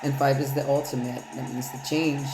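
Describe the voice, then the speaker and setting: A woman's voice: a bass voice, level tone, brisk. A woman giving a loose, rambling tarot reading in casual, profane talk. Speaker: tarot reader. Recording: echoey room with loud music.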